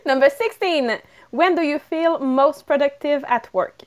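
A woman co-hosting a podcast reads numbered questions from a list at a measured pace, giggling often. Her voice is high-pitched, and the setting is a casual Q&A.

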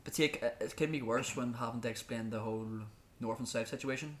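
A man's voice: mid-range voice, brisk. A young man co-hosting a casual podcast, making dry, sardonic quips. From Ireland. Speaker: podcast co-host. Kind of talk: casual chat.

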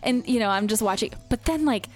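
Podcast co-host, woman, 30s, chatty storyteller, soft music bed. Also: fairly high pitch, brisk. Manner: chatty storyteller, animated quoting, laughs often. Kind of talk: casual chat.

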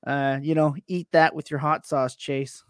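A man chatting on a podcast as a guest, animated and self-deprecating, often stumbling and restarting his words. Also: on the high side, a little slow, clean tone, no echo, studio quality. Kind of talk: casual chat.

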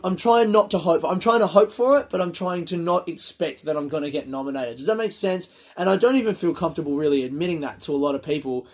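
A man's voice: a little high, a little mellow. A young man with a sniffly nose, hosting his own podcast in a rambling, self-deprecating monologue that swears freely. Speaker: comedian podcast host. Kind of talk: casual solo podcast monologue.

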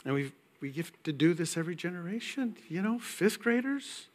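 A man preaching a sermon in a church, conversational and emphatic with quiet asides. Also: high voice, lively intonation, moderate pace. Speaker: pastor. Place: church sanctuary.

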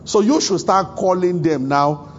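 Male African pastor, high-ish voice, humorous sermon delivery, muffled lo-fi church recording. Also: unhurried, a little hiss or hum. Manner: humorous, chuckling often, acts out quoted dialogue. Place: church service.

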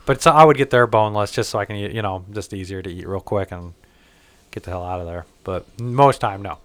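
A man's voice: fairly low pitch, brisk, fairly bright tone, dry recording. A man, co-hosting a casual chat and ranting with plenty of swearing. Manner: profane, ranting. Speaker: co-host.

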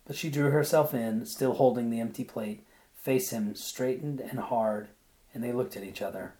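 A man reading a short story aloud, then musing about it in a thoughtful, halting way. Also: mid-range voice, fairly even intonation, dark tone. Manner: thoughtful, searching for words. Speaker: reader.

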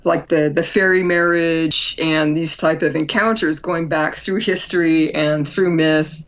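A woman's voice: low voice, steady tone, measured pace. Chatty woman on a dull lo-fi line. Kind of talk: casual chat.

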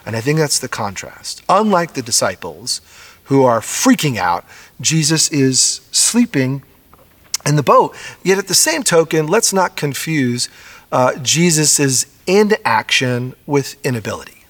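A middle-aged man preaching a sermon as pastor, earnest and conversational, acting out quotes with animated shifts. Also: medium pitch, a little slow.

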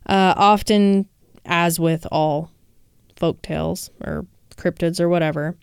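A woman's voice: fairly low pitch, fairly even intonation, slow, creaky, clean tone, no room sound, clean studio sound. A woman co-hosting a casual chat, reading folklore aloud with playful jokes. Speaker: podcast co-host.

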